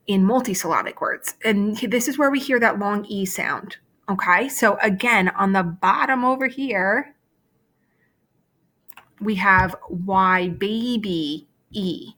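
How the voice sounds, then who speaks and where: A woman's voice: mid-range voice, slow pace, bright, forceful tone. A woman teacher giving a remote phonics lesson over shared slides, explaining step by step and often checking in with "okay?".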